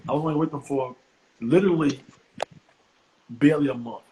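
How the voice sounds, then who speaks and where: A middle-aged man, a comedian guest on a podcast, telling a story in an animated, profane way and acting out other people's voices. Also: a little high, fairly quick, a little hiss or hum, low-quality recording.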